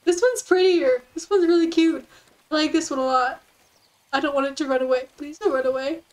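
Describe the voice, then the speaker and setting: A woman streaming a game, chatting casually and excitedly, giggling often and cooing softly at her in-game horse. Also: high voice, fairly quick, low-quality recording. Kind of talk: casual gameplay commentary.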